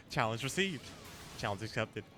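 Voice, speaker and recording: A man's voice: mid-range voice, lively intonation, a little slow, music in the background. A man streaming a game, chatting casually with viewers and laughing often. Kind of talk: casual live-stream chat.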